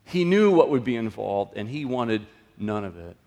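A man preaching a sermon in a conversational way, his voice often rising and then dropping low and soft. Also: big pitch swings, normal speed, muffled recording. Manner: conversational, with sudden lifts and drops in pitch and loudness. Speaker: pastor. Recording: long reverb of a large room.

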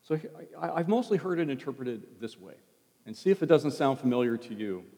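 A man preaching a sermon as a pastor, in a conversational tone that drops to a hush on quoted words. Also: medium pitch, lively intonation, a little fast. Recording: long hall reverb.

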